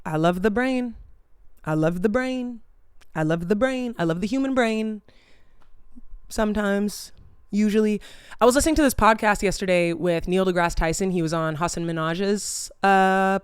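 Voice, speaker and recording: A young woman talks to the camera in a loose, wandering way, full of fillers and casual swearing. Her voice is exceptionally smooth and clean. The sound is dry and close, with no room around it. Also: medium pitch, no room sound. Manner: chatty, tangent-prone, loses her train of thought. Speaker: vlogger. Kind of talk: casual rambling chat to camera.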